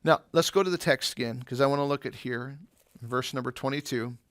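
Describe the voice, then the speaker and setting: A man's voice: medium pitch, a little fast, dry recording, clean studio sound. A man teaching an eighth-grade Bible lesson in a conversational way, explaining with everyday examples and asking rhetorical questions.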